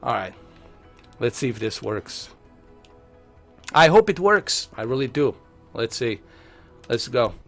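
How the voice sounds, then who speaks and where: A man's voice: mid-range voice, sing-song, slow pace, long pauses, faint music behind. A man chatting casually on a live stream who often breaks into heated, profane rants, with many fillers. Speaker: tech streamer.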